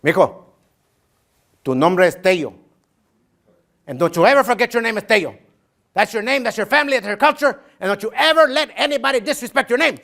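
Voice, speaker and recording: A man's voice: high voice, animated, fairly quick, creaky, pauses often, fairly bright tone, voice pushed up, exaggerated voice. A man voicing a stern, proud father who firmly lectures his young son, mixing in Spanish words. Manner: firm, rising in intensity, mixes Spanish.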